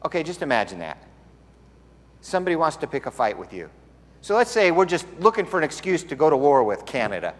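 A man's voice: on the high side, big pitch swings, fast talker. A man preaching a sermon in a conversational storytelling way, with playful asides. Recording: long hall reverb.

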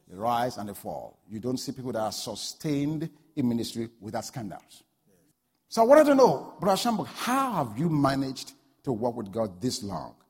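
A man preaching a sermon, telling a story and building to loud, fervent peaks. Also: fairly low pitch, breathy edge. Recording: long hall reverb.

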